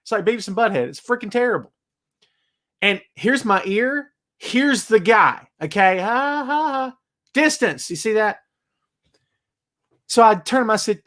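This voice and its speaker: A man hosting a wrestling chat show, talking casually in an animated, ranting way and laughing often. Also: high voice, a little slow, pauses often. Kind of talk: casual live-chat rant.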